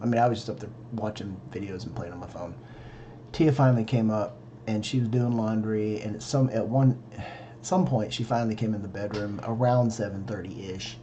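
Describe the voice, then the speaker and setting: A man's voice: on the low side, fairly even intonation, a little fast, mellow, highs cut off, slight background noise. A tired man recapping his day in a casual vlog, rambling and correcting himself, talking in his home office late at night. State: tired, yawning. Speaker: vlogger.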